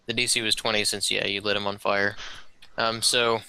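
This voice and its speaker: A man's voice: fairly low pitch, little pitch movement, normal speed, creaky, a crowd in the background, poor audio. A man narrating as game master in a casual, hesitant way.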